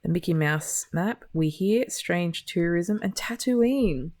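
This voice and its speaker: A woman's voice: lowish voice, expressive, slow pace, a little mellow. A woman giving gameplay commentary with a dry, wry and sarcastic manner. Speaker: gaming video creator.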